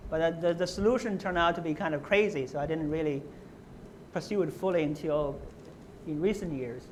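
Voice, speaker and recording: In this academic lecture, a man speaks fairly quickly at a fairly high pitch over a rough recording with a little hiss or hum. He works through the material step by step, restarting phrases and checking in with "right?"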